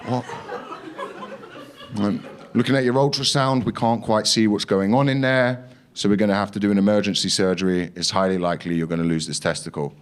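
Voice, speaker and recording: A man's voice: lowish voice, fairly even intonation, brisk, a little hiss or hum. A young man performing a stand-up comedy set, telling a story in a punchy way, acting out quotes and swearing as he goes. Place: comedy club stage.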